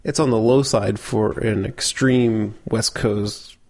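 A man co-hosting a casual beer tasting podcast, relaxed and explaining beer facts as he thinks aloud. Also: fairly low pitch, slow pace. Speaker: podcast co-host.

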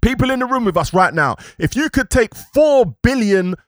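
A animated man co-hosting a podcast, his pitch swooping up and down as he rambles with plenty of slang. The sound is close and dry, with no room around it. He talks in a loose, casual way. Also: normal speed, no room sound. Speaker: podcast co-host. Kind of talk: casual live-stream chat. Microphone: podcast microphone.

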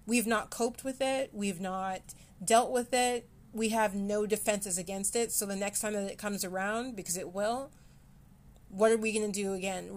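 Brief: woman hosting a personal podcast, candid and self-mocking, halting delivery, emotion just beneath the surface. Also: mid-range voice, steady tone. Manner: candid, self-deprecating, halting with fillers and restarts. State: close to tears at times. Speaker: podcast host. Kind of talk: personal mental health podcast.

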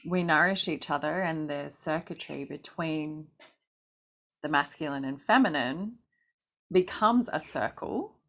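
Slow, gravelly low-voiced woman. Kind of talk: casual podcast chat.

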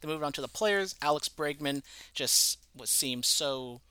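A man's voice: a little high, moderate pace, sharp tone, clear, resonant tone, dry recording. A man co-hosting a casual sports podcast, rambling and profane as he breaks down a scandal. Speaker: podcast co-host.

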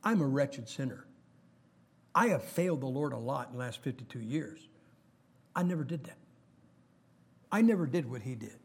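A man's voice: medium pitch, lively intonation, moderate pace, long pauses, breathy edge. A middle-aged man preaching a sermon, chatting with the congregation and reading scripture aloud with rising emphasis.

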